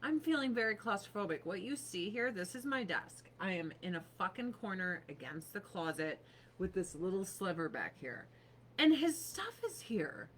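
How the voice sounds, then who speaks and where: A woman's voice: mid-range voice, sing-song, moderate pace, a bit bright, a little hiss or hum. A woman in her thirties chatting casually on a livestream from her home office desk, profane and sarcastic.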